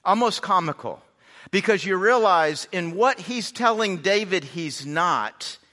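A pastor preaching with a high, bright, forceful voice that rings out through a church hall's long reverb. He leans hard on his points and slows down to stress them, often stumbling and repeating words as he goes. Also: lively intonation. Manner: frequent word repeats and restarts. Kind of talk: sermon. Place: church sanctuary.

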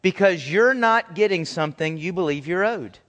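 Pastor guy preaching, kinda high voice, chatty and animated, big echoey church sound. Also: moderate pace. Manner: conversational, animated, acts out quoted voices. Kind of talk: sermon.

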